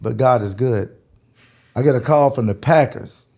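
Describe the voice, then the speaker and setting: A man in his fifties from Jacksonville, Florida, telling stories as a guest in a lively, laughing way. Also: medium pitch, moderate pace, gravelly. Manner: lively, laughing, swings between loud and quiet. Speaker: guest, former football player. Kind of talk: animated storytelling.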